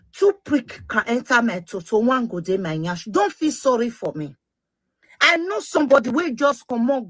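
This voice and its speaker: A middle-aged woman with a Nigerian Pidgin English accent, speaking an impassioned monologue to her social media followers, forceful and emphatic and repeating her points. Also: on the high side, dry recording.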